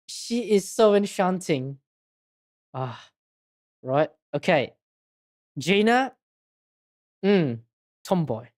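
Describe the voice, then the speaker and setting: A woman's voice: lowish voice, big pitch swings, drawn-out words, pauses often, darkish tone. A woman streamer chatting casually while playing a game, giggly and self-mocking. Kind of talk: casual gameplay chat.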